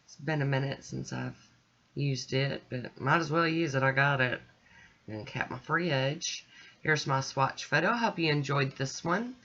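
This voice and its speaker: A middle-aged woman hosting a nail art channel, calmly talking through each step of her manicure in a relaxed, chatty way. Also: extremely low pitch, moderate pace. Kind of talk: casual tutorial narration. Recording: dull lo-fi sound.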